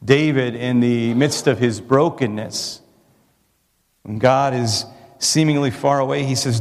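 A man's voice: mid-range voice, fairly even intonation, moderate pace, in a large hall. A man preaching a sermon in an earnest, emphatic way, asking his listeners rhetorical questions. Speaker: pastor.

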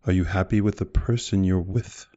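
Guy doing a motivational podcast rant, lowish mellow voice, kinda dull lo-fi sound, lots of questions. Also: fairly even intonation. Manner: rhetorical questions, drawn-out emphasis. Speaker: podcast host. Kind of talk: motivational monologue.

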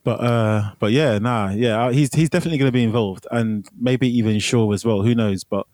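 A man's voice: medium pitch, a little mellow, dry recording. Enthusiastic man, dry close sound. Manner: enthusiastic, quick, repeats himself. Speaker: podcast co-host. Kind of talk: casual chat.

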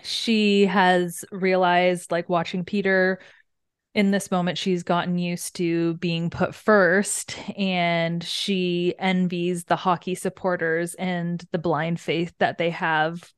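A woman's voice: on the low side, takes it slowly, clean tone, no room sound, clean studio sound. A woman chatting casually about a novel, recapping chapters and acting out characters' lines. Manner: relaxed, acts out characters' lines. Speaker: book discussion co-host.

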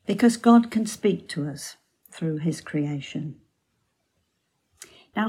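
A woman giving a devotional Bible talk, telling the story slowly and sinking to soft near-whispers. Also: low-pitched, breathy edge, rough recording. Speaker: Bible teacher.

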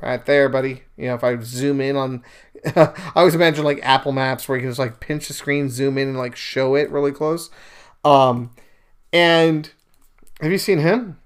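A man's voice: medium pitch, normal speed, clear, resonant tone. A man hosting a podcast, casually retelling a scripture story and giving his views, emphatic and chatty with asides. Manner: animated, emphatic, acts out quoted speakers; conversational with fillers and asides. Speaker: podcast host. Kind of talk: casual retelling and religious commentary.

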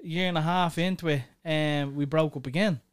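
Young male host, crude banter, higher voice. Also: steady tone, normal speed, clear, resonant tone, no room sound, studio quality. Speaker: podcast host. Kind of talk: casual chat.

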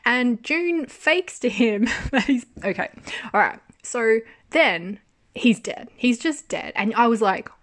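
A woman giving a casual spoken review of a TV drama, animated and exasperated, swearing freely and laughing often. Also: a little high, takes it slowly.

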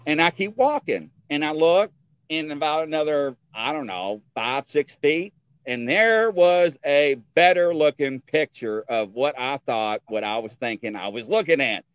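A man tells a story in a casual chat with a voice on the higher side, and his pitch swings widely as he acts out what each person said. He keeps checking in with his listeners with a quick "okay?". The sound is dry and close. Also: lively intonation, clean tone, no echo.

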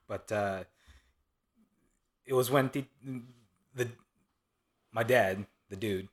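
A young adult man, a guest in a casual interview, speaking hesitantly with many pauses and fillers. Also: fairly low pitch.

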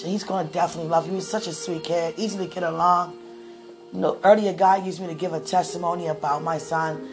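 Woman gushing over her listeners about faith, low voice, lots of "you know," faint music behind. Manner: affectionate and excitable, with frequent "you know" and laughter. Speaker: host speaking to her listeners. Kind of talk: casual faith-filled chat to listeners.

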